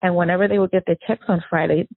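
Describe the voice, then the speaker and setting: A woman, the victim's sister, recounting memories of her sibling in an emotional, animated way, acting out the dialogue she quotes. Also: lowish voice, fast talker, dry recording. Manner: animated storyteller who acts out quoted dialogue. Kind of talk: emotional first-person recollection. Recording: tinny phone-line audio.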